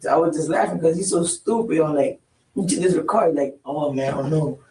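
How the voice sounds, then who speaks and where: A man's voice: fairly high pitch, quick pace, dark tone. A man recounting past events under questioning, acting out the quoted exchanges in casual street slang. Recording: roomy, distant mic, faint hiss.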